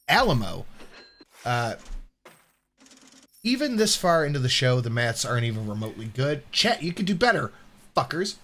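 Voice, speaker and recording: A man's voice: mid-range voice, a bit bright. A man streaming casual, profane commentary, rambling and laughing often as he reacts to a video.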